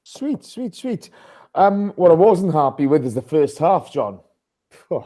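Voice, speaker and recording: A man's voice: fairly high pitch, expressive, unhurried, dark tone, poor audio. A man hosting a casual live podcast, chatting and greeting listeners by name. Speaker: podcast host.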